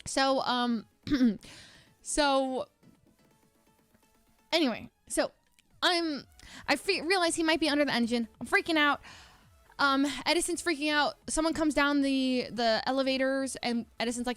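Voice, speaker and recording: A woman's voice: high voice, measured pace, long pauses, a bit bright, no room sound, faint music behind. A young adult woman streamer telling a story in a casual, rambling way, full of filler words and laughing asides.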